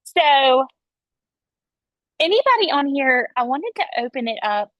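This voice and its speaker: A woman's voice: high-pitched, big pitch swings, a little slow, dry recording. A woman leading her sales team on a video call, chatty and enthusiastic as she coaches. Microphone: video call, webcam. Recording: dull lo-fi call audio, dry.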